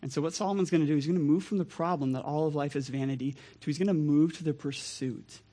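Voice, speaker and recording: Energetic young man preaching casually. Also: on the high side, quick pace. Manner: conversational and energetic, with asides. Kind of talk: sermon.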